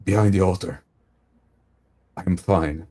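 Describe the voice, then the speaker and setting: Guy doing a tired old village priest, soft, trailing off, dark mellow tone. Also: deep voice, fairly even intonation, slow pace. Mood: weary. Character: frail old male village priest, gentle and weary.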